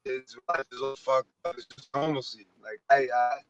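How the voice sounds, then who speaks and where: A man talking loudly and emphatically in a casual chat, calling in. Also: mid-range voice, normal speed, dull audio. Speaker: caller.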